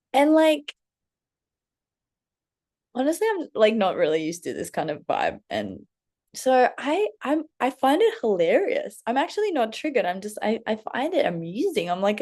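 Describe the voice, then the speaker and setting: A woman's voice: mid-range voice, creaky, a little mellow. Chatty young woman telling a story. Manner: candid and chatty, full of "like", acts out her own thoughts; swears casually. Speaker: vlogger. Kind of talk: casual storytelling.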